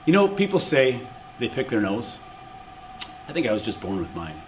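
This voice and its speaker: Male joke teller, animated and bouncy, mid pitch. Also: normal speed, a little hiss or hum. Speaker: joke teller on school announcements.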